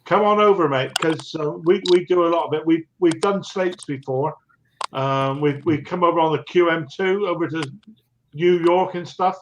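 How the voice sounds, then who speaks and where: A man's voice: on the high side, normal speed, slight background noise, poor audio. A man hosting a live stream, chatting in a chummy way and calling everyone mate. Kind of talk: casual chat.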